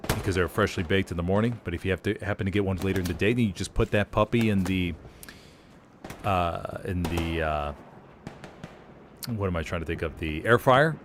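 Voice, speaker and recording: A man casting a live game, chatting casually in rambling, relaxed asides. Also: low voice, a little fast, noisy background. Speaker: game caster. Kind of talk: casual chat during live game commentary.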